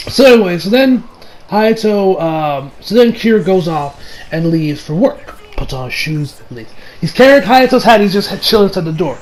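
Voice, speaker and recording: A man's voice: high-pitched, animated, normal speed, a little mellow, poor audio. A man talking casually as he reviews an anime episode, rambling with lots of restarts and the odd swear.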